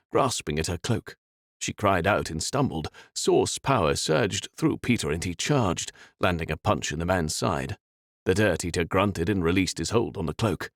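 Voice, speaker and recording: A man reading a fantasy audiobook in an expressive, dramatic way. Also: low voice, normal speed, no room sound, studio quality. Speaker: audiobook narrator. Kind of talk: scripted fantasy narration.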